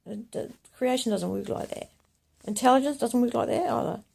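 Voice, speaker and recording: A woman delivering a rambling monologue to camera, often dropping to a hushed whisper. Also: a little high, brisk, vocal fry, slightly rough. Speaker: video blogger.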